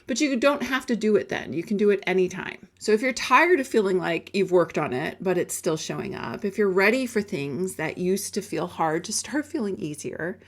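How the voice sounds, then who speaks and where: A woman coach giving a conversational, emphatic sales pitch, telling a personal story and briefly acting out the voices she quotes. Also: lively intonation, moderate pace, few pauses. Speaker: life coach selling guided audios.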